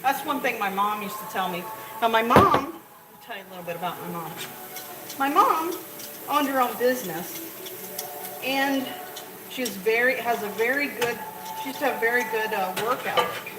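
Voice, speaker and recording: Brisk and a little high-voiced, a woman chats to viewers while showing a recipe at home, rambling from step to step. It's a relaxed tutorial captured off-mic in an echoey kitchen with loud cooking noise.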